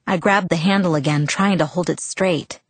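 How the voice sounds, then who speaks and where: Low-voiced woman reading a novel. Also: moderate pace, no room sound. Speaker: audiobook narrator. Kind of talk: first-person novel narration.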